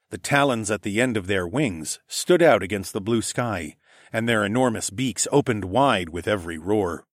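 A man narrating a first-person adventure novel in a steady storytelling read, lifting his energy for the dialogue. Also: on the low side, no room sound, studio quality. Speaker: audiobook narrator.

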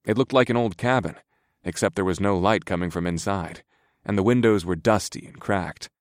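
A man's voice: low voice, moderate pace, dry recording, studio quality. A man narrating a first-person fantasy audiobook in a wry, grumbling, understated manner.

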